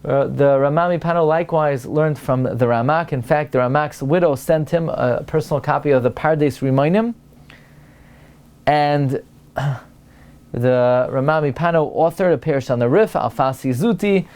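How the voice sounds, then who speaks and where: Rabbi, male, lecture delivery: animated, fairly high voice, rhetorical questions, swings up for emphasis. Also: normal speed, smooth. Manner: animated, rising to a high excited pitch for emphasis; peppers English with Hebrew and Aramaic terms, asks rhetorical questions. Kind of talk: Torah lecture.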